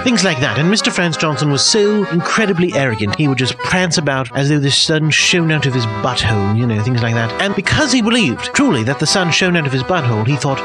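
A man's voice: on the high side, big pitch swings, quick pace, hardly any pauses, music in the background. A man hosting a comedy radio show, ranting indignantly and bickering with himself.

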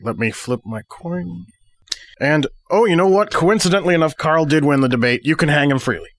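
A man hosting and moderating a mock debate, cutting in and calming things down with wry remarks. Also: on the high side, brisk, very noisy. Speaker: show host and moderator.

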